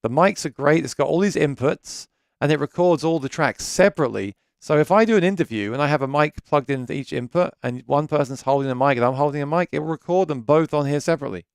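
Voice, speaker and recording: A chatty British man talks through a live stream from his home studio, restarting sentences as he goes. His voice is smooth and resonant with a gravelly edge. The sound is dry and close, with no room echo. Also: on the high side, fast. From Britain. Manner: chatty, rambling, self-correcting. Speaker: gear channel host.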